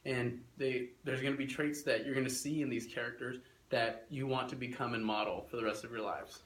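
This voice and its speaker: Young male teacher, mid-pitched, energetic and coaxing, echoey room. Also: brisk. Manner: energetic, coaxing, repeats instructions. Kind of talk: classroom lesson. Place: classroom. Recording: echoey classroom with faint noise.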